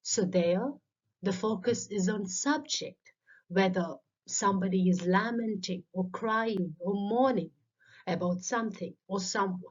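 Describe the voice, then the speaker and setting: This literature teacher's mid-range voice is slightly rough, and she keeps a measured pace. Her scripted lecture is a methodical, step-by-step explanation of terms, captured as a dull lo-fi voice-over.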